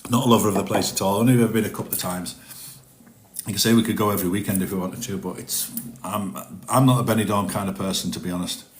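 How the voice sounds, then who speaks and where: A man's voice: on the low side, steady tone, quick pace. Rambling chatty man, roomy room. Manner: chatty, rambling, self-deprecating. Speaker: live streamer. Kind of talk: casual chat on a live stream. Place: his home, indoors.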